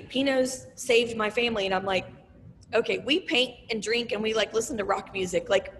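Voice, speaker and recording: A middle-aged woman who owns a small business, telling stories in a casual, animated interview and acting out the voices of people she quotes. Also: on the high side, in a large hall, a little hiss or hum. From Oklahoma. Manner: animated, acts out quoted voices, tearful at times.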